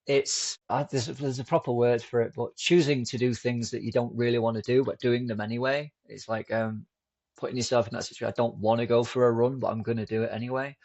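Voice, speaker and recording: Gravelly man telling stories. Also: mid-range voice, a little fast. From United Kingdom. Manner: relaxed, rambling, with many fillers and restarts. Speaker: podcast guest. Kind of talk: casual conversational storytelling.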